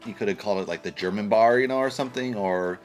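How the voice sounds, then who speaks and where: A man's voice: on the low side, fast, soft background music. Blunt, rambling male movie reviewer. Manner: blunt, rambling, swears casually. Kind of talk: casual spoken film review.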